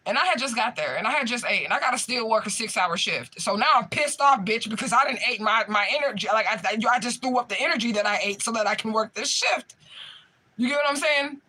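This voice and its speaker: High bright-voiced man ranting casually. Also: fast talker. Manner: profane, animated, laughs while retelling. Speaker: spiritual medium livestream host. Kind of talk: casual storytime rant.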